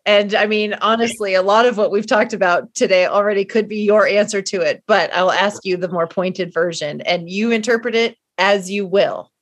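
A woman with an average-pitched voice hosts a casual interview. She asks loose, winding questions and answers her guest with quick, steady yeses. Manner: warmly affirming, gives frequent short yeses. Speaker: interview host.

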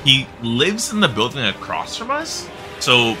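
A man's voice: mid-range voice, measured pace, hardly any pauses, soft background music. A man hosting a podcast, animatedly telling a story and laughing as he goes. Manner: animated, laughing, acts out quotes. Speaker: podcast host. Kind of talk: casual storytelling.

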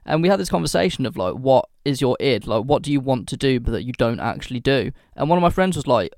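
A man's voice: medium pitch, expressive, fast talker, creaky, darkish tone, no room sound, studio quality. A man, chatting eagerly and agreeing in a casual podcast conversation. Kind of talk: casual chat.

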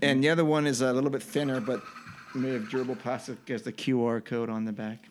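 A man's voice: mid-range voice, level tone, fast talker. A man co-hosting a podcast in casual chat, telling rambling anecdotes in a chatty way. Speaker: podcast co-host.

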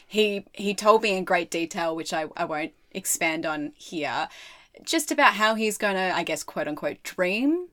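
A woman's voice: on the low side, lively intonation, a little slow, a bit bright. Wry woman telling a story. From Australia. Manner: wry, self-deprecating storytelling. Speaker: podcast co-host. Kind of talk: casual storytelling chat.

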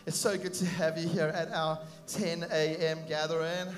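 A man preaching a sermon at a church gathering, upbeat and animated, with frequent "uh" fillers. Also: a little high, moderate pace, soft background music. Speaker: pastor.

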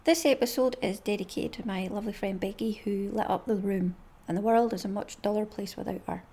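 A woman's voice: medium pitch, brisk, mellow, husky. A woman with a Scottish accent hosting a casual chat podcast, chatty and bubbly, laughing often. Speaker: podcast host.

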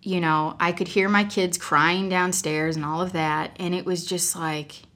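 A woman with a rather low but sharp, forceful voice, telling her story as a guest. She rambles in a frank, unpolished way and laughs often. She speaks as a mother of several kids. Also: steady tone, measured pace. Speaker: podcast guest. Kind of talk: candid personal storytelling.

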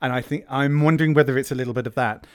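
Brief: man, mid-pitched, wry thoughtful podcast co-host, dry close mic. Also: fairly even intonation, very fast, no room sound. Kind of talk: casual chat.

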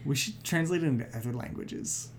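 A woman's voice: a bass voice, fairly quick, slight background noise. A woman co-hosting a podcast, chatting casually and joking around. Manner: joking, playful, trails off. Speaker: podcast co-host. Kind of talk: casual chat.

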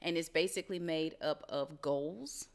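A woman co-hosts a motivational live stream late at night. Her voice sits on the low side, and she speaks in a relaxed, affirming way, building gently on what her partner says. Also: measured pace. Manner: calm, affirming, adds short agreements.

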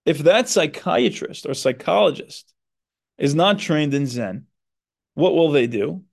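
A man's voice: fairly high pitch, lively intonation, unhurried, gravelly. A man who is a psychotherapist and podcast host, talking earnestly in a reflective monologue and stressing his points. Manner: earnest, explanatory, with emphatic stresses.

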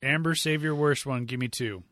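A man hosting a casual movie review talk with friends, speaking in an opinionated, animated way and often repeating himself. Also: medium pitch, moderate pace, no echo, clean studio sound. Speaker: podcast host.

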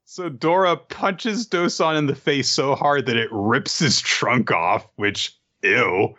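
A man hosting a casual comedic recap, animated and joking with lots of fillers. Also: mid-range voice, slow pace. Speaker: podcast host. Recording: dull lo-fi recording.

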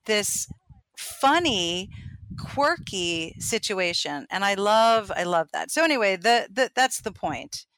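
A woman's voice: medium pitch, slow, no echo. Bubbly woman in her fifties, dry sound. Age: 50s. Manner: bubbly, animated, acts out voices in anecdotes. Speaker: photographer guest. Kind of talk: casual interview storytelling.

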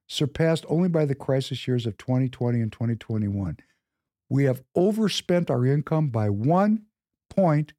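A man hosting a podcast in an impassioned, preachy monologue. His pitch swings widely and his voice sits mellow and dark. The sound is dry and close, and he hammers points home by repeating them. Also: no room sound. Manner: emphatic, repeats phrases for effect; preachy, exhorting listeners. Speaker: podcast host.

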